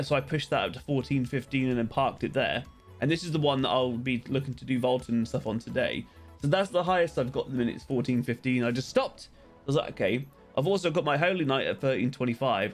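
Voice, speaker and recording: A young man rambling casually on a game live stream, greeting viewers by name as he plays. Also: mid-range voice.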